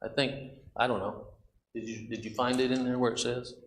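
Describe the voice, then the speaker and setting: A man's voice: mid-range voice, level tone, fairly quick, echoey room, slight background noise, poor audio. A man teaching a Bible study class, asking questions and reading scripture aloud in a conversational way. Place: church classroom.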